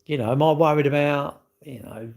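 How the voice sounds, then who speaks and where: A man's voice: on the high side, a little fast, darkish tone. A middle-aged man with a British accent, rambling bluntly in slangy casual chat while answering a livestream chat.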